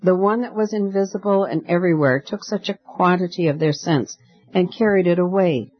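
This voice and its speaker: A man narrating a fairy tale audiobook in a measured, gently expressive reading. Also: high-pitched, no room sound, lo-fi sound. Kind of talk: audiobook storytelling.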